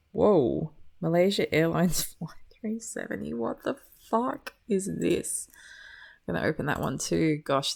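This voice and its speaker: Woman, low creaky voice, sardonic gameplay commentary. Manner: dry, wry and sarcastic. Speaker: gaming video creator.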